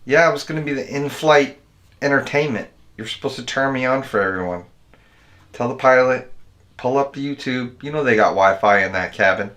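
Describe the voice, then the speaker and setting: Here the American channel host and video editor sounds brisk and a bit bright at a medium pitch. He's still chatting loosely with his livestream viewers, rambling in his relaxed way and calling them dude and man.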